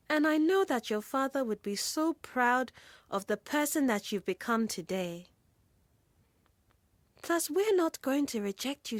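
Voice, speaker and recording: A woman's voice: high-pitched, no room sound. A woman voicing a playful, joyful young woman in a storybook reading. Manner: playful, exuberant.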